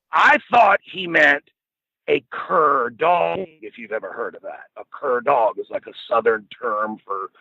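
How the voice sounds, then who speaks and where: A man's voice: medium pitch, measured pace, creaky, husky, dry recording. A middle-aged man telling a rambling, profane anecdote in a casual way, often laughing as he goes. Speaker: storyteller guest. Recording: dull lo-fi dry recording.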